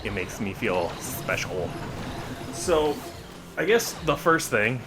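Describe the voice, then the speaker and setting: A man's voice: medium pitch, very animated, takes it slowly, music in the background. A man giving casual, rambling gameplay commentary with joking asides. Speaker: gaming video creator.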